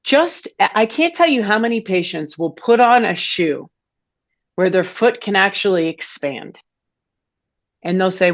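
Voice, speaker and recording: A woman's voice: medium pitch, animated, measured pace, lo-fi sound. A woman in her forties, a foot health clinician, explaining things casually with many fillers and restarts in an interview.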